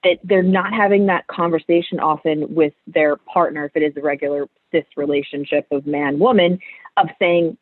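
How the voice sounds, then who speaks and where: A woman's voice: low voice, steady tone, normal speed, no echo. A woman in her thirties, a podcast guest, telling her story candidly and with animation. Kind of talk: casual interview chat. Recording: tinny phone-like line, dry.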